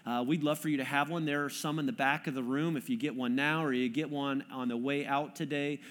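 A man's voice: mid-range voice, steady tone, a little fast. A middle-aged male pastor giving a sermon to a congregation, with a conversational, earnest teaching manner that invites the room to join in. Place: church room with audience.

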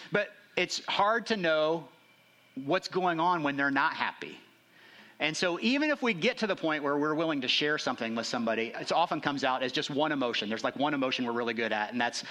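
A man preaching a sermon as a pastor, conversational and checking in with the congregation, rising for emphasis and dropping low for asides. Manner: conversational, frequent "right?" check-ins; rises in pitch and intensity for emphasis, drops low and quiet for asides.

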